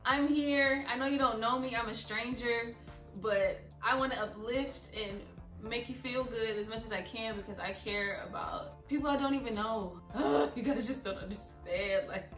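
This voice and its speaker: A woman's voice: a little high, normal speed. A young woman speaking earnestly and openly emotional in a personal vlog. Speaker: vlogger. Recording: echoey room, a bit far from mic, soft music.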